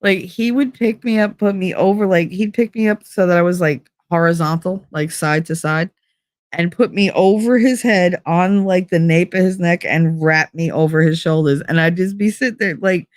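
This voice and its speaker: A woman's voice: fairly low pitch, moderate pace, no echo. A woman hosting a stream, telling personal stories in a casual, candid way, swearing freely and laughing often as she talks. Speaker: stream host. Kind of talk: casual storytelling chat.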